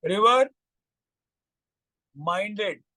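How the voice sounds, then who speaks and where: An indian guy doing a fierce little mother bird, stern and bossy, keeps repeating her threats, highish voice, slow and dry. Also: animated, bright, forceful tone, no room sound, exaggerated voice. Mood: stern, demanding. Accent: Indian English.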